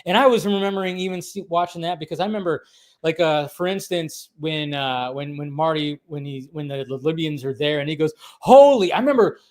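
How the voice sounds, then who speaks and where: Casual podcast co-host, male, 30s, rambling and animated, slightly high voice. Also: a little fast. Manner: rambling, animated, lots of fillers and restarts. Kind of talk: casual chat.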